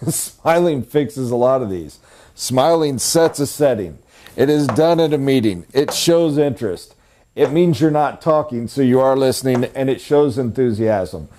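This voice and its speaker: Middle-aged male sales coach lecturing a room, animated and emphatic, mellow-toned voice. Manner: animated, emphatic, jumps to high excited pitch for emphasis. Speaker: sales trainer. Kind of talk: live training lecture.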